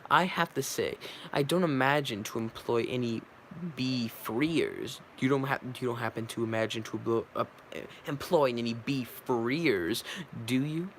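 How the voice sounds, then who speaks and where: A man's voice: mid-range voice, lively intonation, a little slow, slight background noise. A man voicing a brash young male bee lawyer, reading stumblingly with slips and restarts. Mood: cross-examining.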